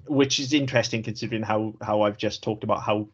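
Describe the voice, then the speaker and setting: A man's voice: fairly low pitch, steady tone, fast talker, a bit bright, slightly rough. A Welsh man co-hosting a podcast, talking frankly with a lot of swearing and easy laughter. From Wales. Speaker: podcast co-host. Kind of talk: casual podcast chat. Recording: slightly dull lo-fi audio.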